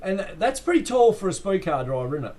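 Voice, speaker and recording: A man's voice: sits high, very animated, quick pace, a crowd in the background. A man, an interviewer asking friendly, casual questions. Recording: faint background noise.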